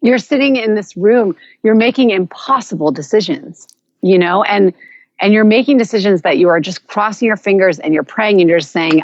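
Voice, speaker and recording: A woman guest speaks earnestly and reflectively, circling back and restarting as she finds her words. Her voice sits on the lower side. The sound is dry and a bit dull and lo-fi. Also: a little fast, no echo. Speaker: podcast guest. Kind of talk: personal storytelling in a conversation.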